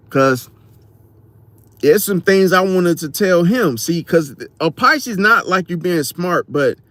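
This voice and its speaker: A man telling a story in a casual vlog, slangy and profane, talking straight to his viewers with lively emphasis. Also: fairly high pitch, no room sound. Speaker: astrology vlogger.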